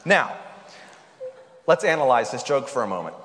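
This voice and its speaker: A man's voice: mid-range voice, animated, normal speed, fairly bright tone. A male pastor preaching a sermon, telling a joke and then posing rhetorical questions. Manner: playful storyteller turning to rhetorical questions. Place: church sanctuary. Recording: hall reverb.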